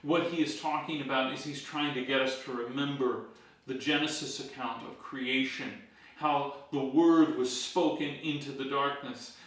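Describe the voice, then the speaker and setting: A pastor leads a Bible study in a church, teaching emphatically and putting rhetorical questions to his listeners. His voice is medium in pitch with fairly even intonation and a normal pace. The room is very echoey, and he sits far from the mic.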